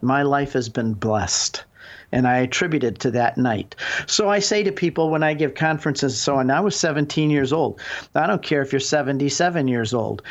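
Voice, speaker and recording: A man in his sixties speaks as a guest on a radio talk show, earnest and emphatic as he tells a personal story at a steady middle pitch. His voice comes through a dull, slightly lo-fi line. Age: 60s. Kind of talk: call-in radio conversation.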